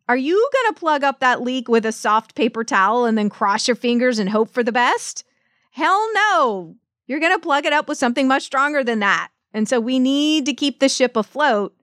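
Middle-aged lady coach doing her podcast, punchy and motivational, smooth clear voice, dry sound. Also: fairly high pitch, fairly bright tone, no echo. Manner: emphatic, motivational, direct. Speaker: podcast host and business coach. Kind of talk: solo podcast monologue.

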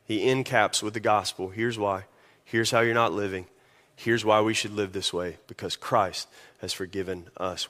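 A man's voice: on the low side, fairly even intonation, normal speed, fairly bright tone. A man with a Kentucky Southern accent preaching a sermon as pastor, telling stories animatedly with frequent restarts.

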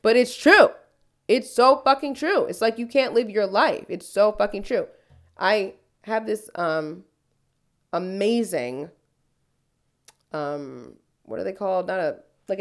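A woman's voice: medium pitch, expressive, normal speed. A woman podcast host telling a story in casual chat, swearing freely and ranting. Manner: profane, heated storytelling rant.

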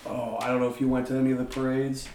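A man's voice: medium pitch, completely flat delivery, racing, a little mellow, a little hiss or hum. A man telling a rowdy story in casual, profane chat. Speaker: podcast host. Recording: echoey room.

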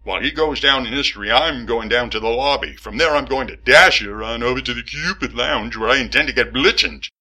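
A man's voice: mid-range voice, a little fast, hardly any pauses, sharp tone. A man playing sarcastic, worn-out Oscar. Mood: dry. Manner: sarcastic, exasperated wisecracks. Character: gruff sarcastic slobbish man, weary of a roommate. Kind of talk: comedy sketch acting.

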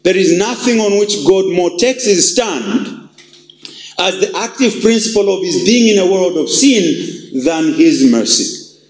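Man, pastor preaching, slightly high voice, roomy echo. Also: lively intonation, unhurried. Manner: emphatic, repeats phrases, shifts pitch widely for emphasis. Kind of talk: sermon. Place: church. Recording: echoey church hall.

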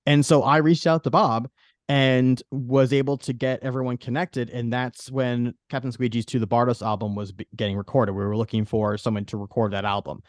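A man's voice: medium pitch, level tone, a little fast, no echo, studio quality. A man hosting a podcast in casual chat, rambling with many restarts. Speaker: podcast host.

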